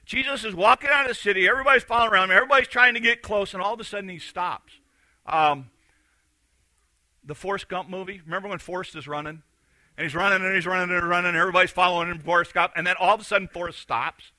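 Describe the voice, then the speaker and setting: A pastor preaches a sermon by telling a story, delivering it with animation and acting out the voices of its characters. His voice sits high and moves fast. The audio is poor, though there is no room sound.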